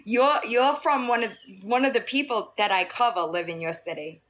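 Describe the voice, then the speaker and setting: Chatty New York woman, bright voice. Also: fairly high pitch, moderate pace. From Staten Island, New York. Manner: talks straight to chat, lively, laughs often. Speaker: live-stream host. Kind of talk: casual live-stream chat with viewers.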